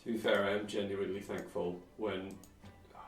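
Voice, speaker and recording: A man's voice: on the low side, level tone, fairly quick, creaky. A man streaming a video game, chatting casually with dry, sarcastic muttered asides. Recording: roomy, distant mic, faint music.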